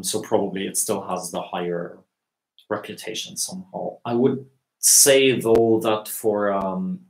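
A man with a northern Norwegian accent, answering viewers' questions in a live language lesson, relaxed and hesitant with many fillers. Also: on the low side, reverberant, low-quality recording.

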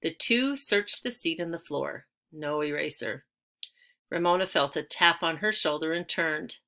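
Reading a children's chapter book aloud as an audiobook narrator, a woman uses a deep, sharp voice at a slightly slow pace. She tells the story expressively and lingers on key words.

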